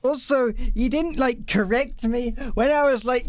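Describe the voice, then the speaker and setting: A young man talks to his live-stream chat in a high, exasperated voice, rambling and putting himself down. The sound is dry and close, with no room around it. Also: moderate pace, few pauses, dry recording. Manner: exasperated, rambling, self-deprecating.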